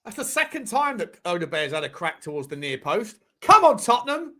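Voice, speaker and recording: A man reacts live to a football match as a partisan fan host, his bright, forceful voice jumping into shouts at big chances. He swears freely and keeps coughing from a chesty cold. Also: high voice, sing-song, a little fast.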